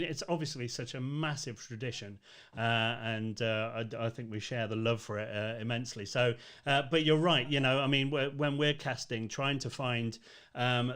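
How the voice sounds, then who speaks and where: A man's voice: medium pitch, a bit bright. A man hosting a casual interview, encouraging and agreeable. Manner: encouraging, brief affirmations. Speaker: interview host.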